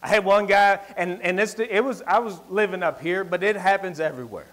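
Male preacher, high voice, rural Southern US accent, folksy and emphatic, big swings in loudness. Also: a little fast. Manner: emphatic, swings from loud declarations to quiet asides, folksy. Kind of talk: sermon with personal storytelling. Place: church service.

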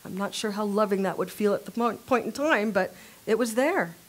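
A woman giving a Bible teaching at a women's workshop. She tells the story in a lively way and asks the audience questions. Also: medium pitch, moderate pace.

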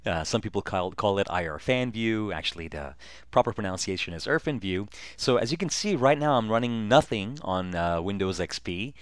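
A man narrating a relaxed, step-by-step screen-recorded software tutorial, with frequent ums and uhs. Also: lowish voice, fairly quick, no room sound.

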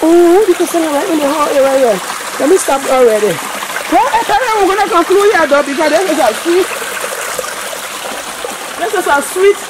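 A woman, vlogging as she walks her farm and talks excitedly to herself and her viewers. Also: extremely high pitch, moderate pace, pauses often. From Liberia. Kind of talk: walking farm vlog. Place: outdoors on a farm by a stream. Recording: noisy outdoor audio with running water.

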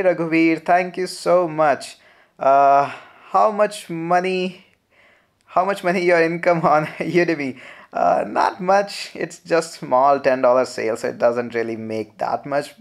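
A young man with an Indian English accent answering viewer questions in a relaxed, chatty live Q&A, full of "uh" fillers. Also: fairly high pitch, unhurried. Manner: relaxed, chatty, frequent "uh" fillers, laughs often. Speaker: programming channel host. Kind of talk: live Q&A, reading viewer comments.

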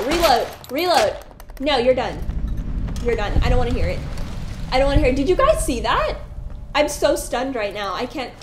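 A woman commenting on her own gameplay, excitable and talking back at the enemies on screen. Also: sits high. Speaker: gaming streamer. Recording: echoey room with faint hiss.

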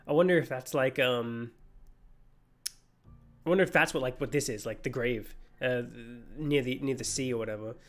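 A man's voice: mid-range voice, normal speed. A man streaming a game, rambling and joking through casual commentary with many fillers.

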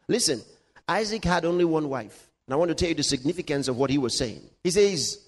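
A male pastor preaching a sermon, reading scripture aloud with laughs, dramatic pitch swings and slowed emphasis. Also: animated, in a large hall.

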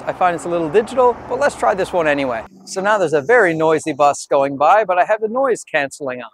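A man with a nasal voice, chatting casually through a product review on a clip-on lapel mic, joking and sometimes getting loud. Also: a little high, lively intonation, fast talker, hardly any pauses, slight background noise. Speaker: camera gear reviewer.

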